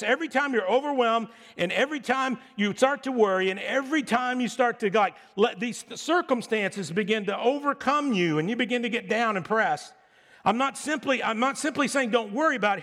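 A man's voice: very high-pitched, lively intonation, a little fast, sharp tone. A middle-aged male pastor preaching a sermon in a loose, conversational way, with joking asides and sarcastic little impressions. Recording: long hall reverb.

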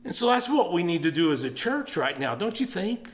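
Male pastor, fairly high voice, earnest sermon, building to emphatic calls. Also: big pitch swings, a little fast. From East Texas. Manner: earnest, rising to emphatic exhortation.

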